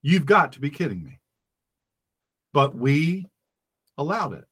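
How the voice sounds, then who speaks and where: A middle-aged man hosting a political talk radio show, his voice sitting a little high. He preaches with fervor, jumping up for emphasis and dropping to low, quiet asides. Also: sing-song, measured pace, breathy edge. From rural United States.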